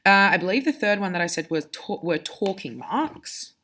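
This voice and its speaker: A woman's voice: mid-range voice, animated, moderate pace, bright, forceful tone. Woman teacher explaining to pupils. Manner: clear, explanatory, addressing pupils directly. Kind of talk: recorded lesson for students.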